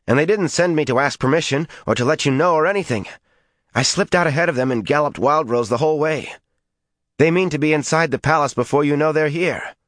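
Man doing a young woman, high voice, breathless, pleading, frantic. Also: fairly bright tone, dry recording, clean studio sound.

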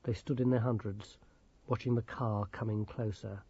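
A man's voice: on the low side, steady tone, moderate pace, a little mellow, slightly rough, highs cut off. Man narrating a storybook on old tape. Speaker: audiobook narrator.

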